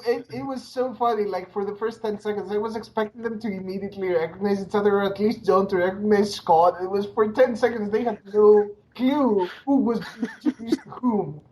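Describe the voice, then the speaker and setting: Woman hosting a chill podcast, lots of yeahs and laughing along, normal pitch. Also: fairly even intonation, brisk, hardly any pauses, a little mellow, slight background noise, poor audio. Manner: laughs along, short agreeing replies. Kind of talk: casual podcast chat.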